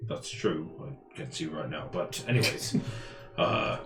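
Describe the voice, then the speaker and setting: A man running a tabletop game as game master, relaxed, laughing often and restarting his sentences. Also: extremely low pitch, unhurried, vocal fry. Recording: echoey room with background music.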